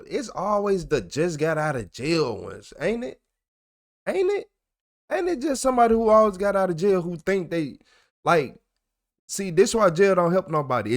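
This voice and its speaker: A man giving profane, ranting reaction commentary as the channel host. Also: fairly high pitch.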